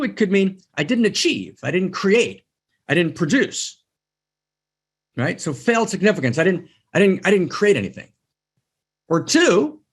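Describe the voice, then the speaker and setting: A man's voice: on the high side, breathy edge. A man giving an emphatic spiritual teaching talk, repeating his phrases and often checking in with "right?".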